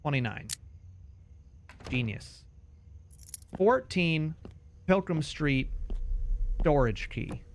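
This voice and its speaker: A high, lively male voice drawls through live game commentary, unhurried most of the time, then bursts into startled yelps and shouts. He chatters to himself and his viewers, with faint ambient noise underneath. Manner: talks to himself and to chat while playing. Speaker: streamer.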